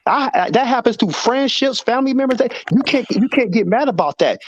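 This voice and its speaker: A man co-hosting a casual boxing debate, animated, acting out quotes and repeating himself as he argues. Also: extremely high pitch, brisk, no room sound, muffled recording. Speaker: boxing show co-host.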